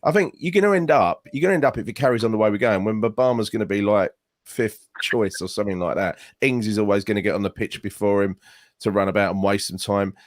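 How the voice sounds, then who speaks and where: Earnest, low-voiced male co-host. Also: fast, no room sound, clean studio sound. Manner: earnest, pressing his point. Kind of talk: live phone-in chat.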